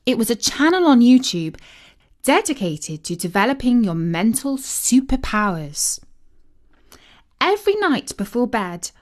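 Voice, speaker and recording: A woman narrating a storybook in a measured, gently wry manner. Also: fairly high pitch, big pitch swings. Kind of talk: storybook reading.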